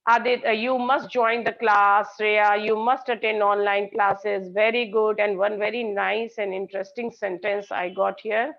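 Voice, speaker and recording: A woman's voice: medium pitch, little pitch movement, measured pace, gravelly, few pauses. A woman teacher, giving an online grammar class. She praises students and explains by repeating example sentences. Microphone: video call. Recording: dull lo-fi call audio.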